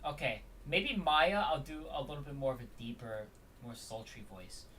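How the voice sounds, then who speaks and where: A man's voice: mid-range voice, normal speed, recorded from a distance, a little hiss or hum. A man chatting casually while streaming a story game, rambling with plenty of ums and the odd curse. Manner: rambling, lots of ums and swearing. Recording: loud game music, voice off-mic.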